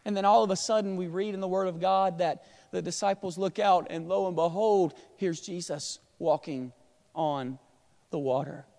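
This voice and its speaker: A male pastor preaching a sermon in a church sanctuary, swinging from hushed storytelling to loud, shouted exhortation. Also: sits high, moderate pace, gravelly. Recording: long hall reverb.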